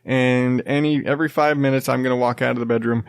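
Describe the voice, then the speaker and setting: A man's voice: medium pitch, steady tone, quick pace, vocal fry, smooth, no room sound, clean studio sound, natural voice. A man imitating his defiant two-year-old son, who refuses to nap and keeps calling for his dad. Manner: whiny, demanding.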